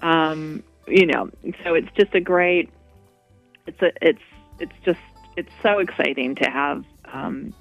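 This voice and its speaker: Gravelly woman rambling in a radio interview. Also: deep voice, a little slow, faint music behind. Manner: rambling, with many restarts. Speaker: guest, walk co-founder. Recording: dull lo-fi radio audio.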